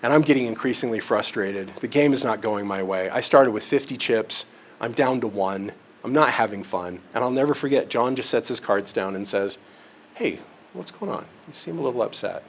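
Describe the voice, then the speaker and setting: A man with a fairly low voice speaks at a moderate pace, with a slight hiss or hum in the recording. He's presenting live on relationships and counseling in a conference room, keeping it conversational, checking in with listeners often, and leaning on homely examples and self-deprecating humor.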